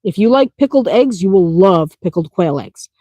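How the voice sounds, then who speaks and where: A woman's voice: fairly low pitch, expressive, normal speed, warm tone, no echo. A woman who runs a small farm, answering viewer questions in a chatty, practical way, laughing easily and driving points home with "okay?". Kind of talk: casual Q&A explanation.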